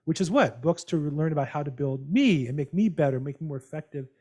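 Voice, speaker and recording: A man hosting a real estate call, telling animated, rambling stories with many restarts over a video call. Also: on the high side, brisk. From United States. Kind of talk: casual storytelling on a video call.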